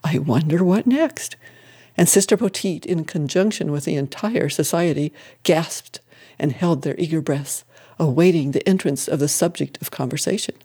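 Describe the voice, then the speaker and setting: A reader tells an old-fashioned tale in steady audiobook narration. The tone is mellow and dark, with no sharp edges. The pacing is even throughout. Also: medium pitch, moderate pace, breathy edge. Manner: steady storytelling.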